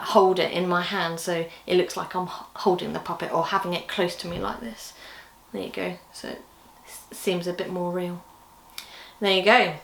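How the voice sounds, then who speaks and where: A woman's voice: on the low side, gravelly, fairly bright tone, roomy sound. A woman giving a friendly, chatty puppetry training talk for a children's ministry video. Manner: friendly, encouraging, chatty with laughs.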